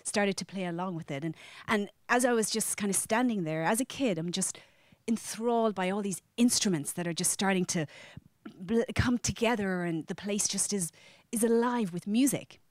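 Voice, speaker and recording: An Irish woman tells a personal story to a live audience, lively and chatty, with frequent restarts as she goes. Her pitch sits mid-range. The sound is dry and close, with little room around her. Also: normal speed, dry recording. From Ireland. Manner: animated, with frequent restarts and acted-out quotes. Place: media center storytelling event.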